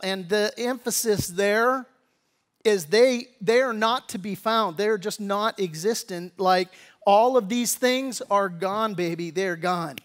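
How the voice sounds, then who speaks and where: A man preaching a sermon as pastor, reading scripture and breaking into casual, slangy asides, rising and pressing when he exhorts. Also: a little slow. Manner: conversational preaching, grows louder and higher when exhorting.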